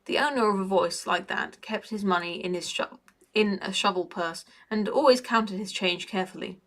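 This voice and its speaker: A woman reading a novel aloud with a bright, keen voice at a middling pitch. Her storytelling is lively and even. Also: moderate pace. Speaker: reader.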